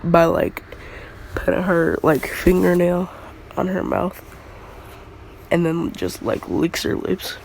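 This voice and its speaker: A man's voice: on the high side, very animated, slow pace, creaky, long pauses, slight background noise, low-quality recording. A man casually retelling a fan story, rambling and slangy with lots of filler words.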